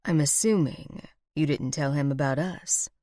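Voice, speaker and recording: A woman voicing a manipulative, smooth-talking villainous man in low, soft, menacing tones. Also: measured pace, dry recording, studio quality.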